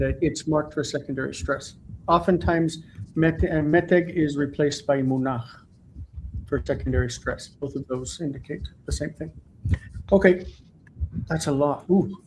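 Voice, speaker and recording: A man leads an online class on biblical Hebrew, explaining step by step and pausing to check that everyone follows. His voice sits a little high for a man. Faint hiss sits under the video-call audio. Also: darkish tone, poor audio. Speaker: Hebrew teacher.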